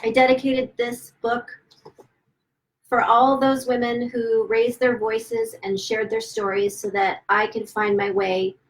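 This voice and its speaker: An author celebrates her new book at home on a phone or webcam livestream, emotional and near tears. Her fairly high voice comes through a rough recording as she gushes with excitement in casual chat, stumbling over her words and restarting.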